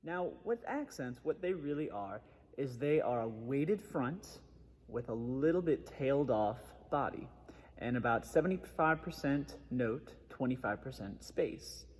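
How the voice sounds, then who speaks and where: A man's voice: medium pitch, lively intonation, unhurried, big-room sound. A man giving a methodical trombone lesson, explaining articulation step by step. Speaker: trombone teacher. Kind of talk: instructional music lesson.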